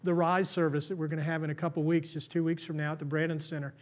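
A man's voice: on the high side, flat delivery, fast talker, a little mellow. An American man, a pastor, preaching a sermon in a conversational way, full of restarts and stammers.

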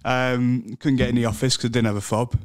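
A man's voice: mid-range voice, level tone, fairly quick. A man, co-hosting a podcast in casual chat with playful, teasing banter. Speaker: podcast co-host.

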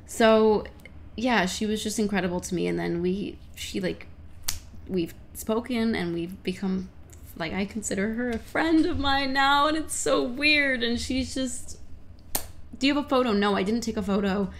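Young woman, casual livestream chat, excitable, gravelly fry, faint background hiss. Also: mid-range voice, unhurried. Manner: chatty, excitable, swears casually. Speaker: livestreamer answering chat questions.

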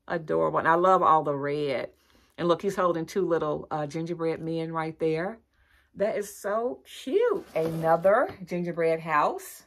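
A woman's voice: low-pitched, gravelly. Chatty woman showing off a haul. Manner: chatty, addresses viewers as y'all, gushing exclamations. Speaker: lifestyle vlogger. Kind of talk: casual haul video chat.

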